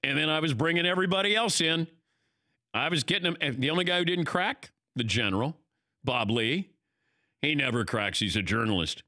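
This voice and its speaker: An older man hosting a casual chat, telling stories in an animated way and acting out what people said. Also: a little high, a little fast, no room sound, clean studio sound. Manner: animated storytelling, acting out quoted lines. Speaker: host.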